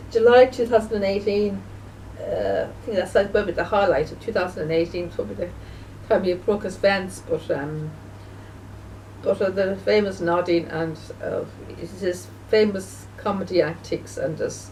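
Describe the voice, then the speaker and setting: A woman video blogger speaking in a casual, halting way, full of fillers and restarts, and sounding emotional and grieving. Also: mid-range voice, a little mellow, far from the mic, a little hiss or hum, low-quality recording. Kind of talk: casual spoken remembrance.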